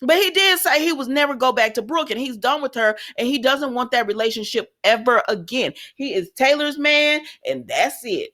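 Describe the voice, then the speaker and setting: A woman's voice: high-pitched, animated, moderate pace, few pauses, a bit bright. A woman recapping a soap opera in casual chat, sassy and talking back to the characters.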